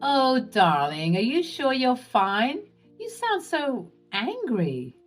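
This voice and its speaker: A woman voicing a sugary, two-faced older mother-in-law who talks in a sweet, fake-caring, drawn-out way. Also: sits high, wildly swooping pitch, soft background music, voice pushed up, full character voice. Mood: syrupy.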